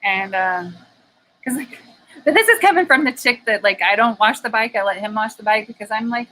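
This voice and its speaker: A woman's voice: a little high, lively intonation, a little fast, bright, forceful tone, a little hiss or hum, low-quality recording. A woman co-hosting a casual live stream from a garage, rambling and laughing often as she talks about motorcycles. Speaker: co-host. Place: home garage.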